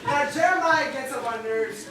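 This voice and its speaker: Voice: sits high, normal speed, lightly acted. A young performer playing a laid-back teenage boy in a chicken club, wry and laughing, in a live improv comedy scene. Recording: echoey hall from far off, loud crowd noise.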